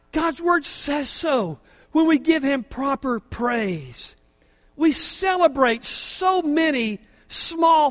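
An older man preaching a sermon as pastor, fervent, moving from quiet asides to shouting praise, in a church. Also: very high voice. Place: church sanctuary. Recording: long hall reverb from a church.

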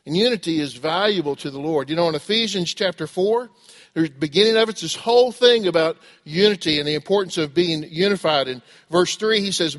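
A man's voice: fairly high pitch, fairly quick, fairly bright tone. A middle-aged man preaching a sermon, asking the congregation questions and acting out the voices he quotes. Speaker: pastor.

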